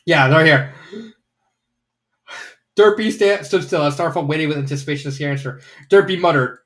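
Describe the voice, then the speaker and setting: A man's voice: on the high side, moderate pace, pauses often, fairly bright tone. A man casually reviewing fanfiction, rambling with lots of fillers and the odd swear word.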